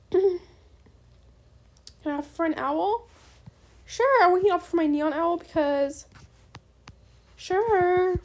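A young woman chatting bubbly and fast while playing a game, often saying bestie. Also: very high voice, darkish tone. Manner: bubbly, fast-talking, says bestie a lot. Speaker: gaming YouTuber. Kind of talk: casual gameplay commentary.

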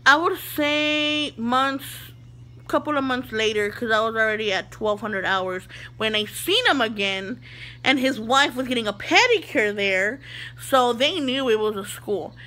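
A young adult woman vlogger telling an animated storytime. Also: a little high, unhurried.

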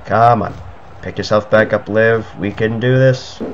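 Excitable man narrating a game. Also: on the low side, measured pace, a little hiss or hum. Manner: excitable, panicky outbursts and cursing. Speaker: gaming video creator. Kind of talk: let's play commentary. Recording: slightly muffled audio with game music. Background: video game music.

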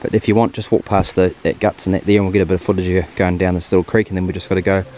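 A fast-talking man, a little low in pitch, guiding hunters through the bush in an easygoing, encouraging way. He is recorded outdoors with a faint hiss behind him. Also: little pitch movement, darkish tone. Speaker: hunting guide and channel host. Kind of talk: casual outdoor instruction and wrap-up chat. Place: outdoors on a hillside.

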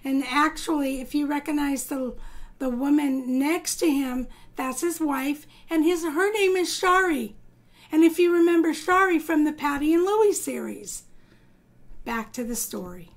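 Kids art teacher lady, high voice, takes it slow, singsong storytime. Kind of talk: children's drawing lesson and storytelling.

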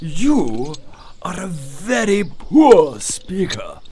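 A man voicing a bossy, impatient king who sits as judge in a children's story, giving slow, deliberate commands. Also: high voice, huge pitch swings, mellow, a little hiss or hum, full character voice. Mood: stern. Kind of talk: children's audio story acting.

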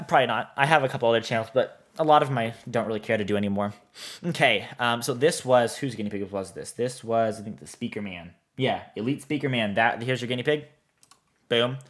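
A man's voice: fairly low pitch, normal speed, a bit bright. A man streaming a building game, reading chat aloud and answering in a rambling, easygoing way. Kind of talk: casual live-stream chat while playing.

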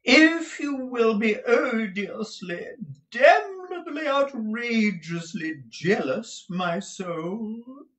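A man voicing a theatrical, gushing gentleman who swears in an extravagant, swooping way. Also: very high-pitched, animated, very slow, pitched above the performer's own voice, heavily acted. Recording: roomy echo.

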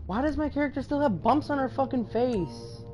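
A woman's voice: high voice, expressive, normal speed, warm tone, faint music behind. A woman streaming a video game, chatting casually, laughing a lot and swearing freely. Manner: swearing, laughing, playful teasing. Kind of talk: casual gaming stream chat.

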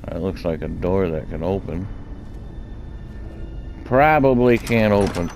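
A man's voice: deep voice, animated, measured pace. A man casually commenting on his own gameplay, chatty and laid-back, thinking aloud as he plays. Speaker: gaming channel host. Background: game music.

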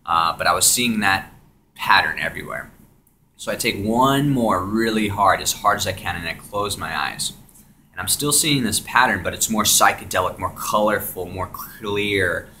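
A young man telling a story of his own experience to a camera, switching between hushed whispers and loud, swearing outbursts. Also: lowish voice, normal speed, slight background noise. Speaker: vlogger. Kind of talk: first-person storytelling.

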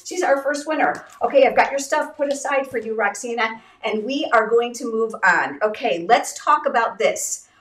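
Upbeat woman host, congested and raspy. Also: fairly high pitch, normal speed, fairly bright tone, echoey room, distant mic. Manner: upbeat, chatty, addresses viewers directly. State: congested and a little raspy from illness. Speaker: craft livestream host. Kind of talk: live-stream product giveaway chat.

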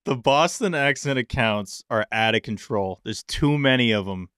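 A man's voice: mid-range voice, moderate pace, a bit bright, clear, resonant tone, no room sound, studio quality. A man co-hosting a sports podcast, blunt and joking in casual chat. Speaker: podcast co-host.

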